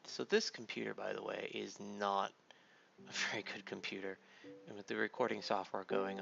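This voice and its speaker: This is casual gameplay commentary from a man who is an adult father, rambling and laid-back with plenty of fillers, like a tired dad at his home computer. His voice is lowish and gravelly. A dull, lo-fi mic picks up faint noise.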